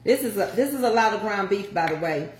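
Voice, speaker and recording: A woman's voice: mid-range voice, animated, a little fast, roomy sound, a little hiss or hum. An older woman chatting folksily to viewers as she walks through a home recipe. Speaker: home cook showing a recipe. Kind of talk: casual cooking chat.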